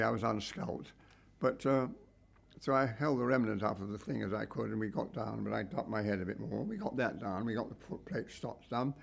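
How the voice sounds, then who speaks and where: An older documentary cameraman with a creaky, mid-range voice recalls a shoot in a rambling anecdote. He peppers the reminiscence with wry asides.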